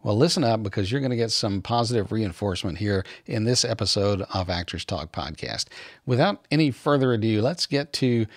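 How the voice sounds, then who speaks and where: A man's voice: fairly low pitch, expressive, fairly quick, dry recording, studio quality. Upbeat, encouraging male podcast host. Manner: enthusiastic, encouraging. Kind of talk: podcast interview.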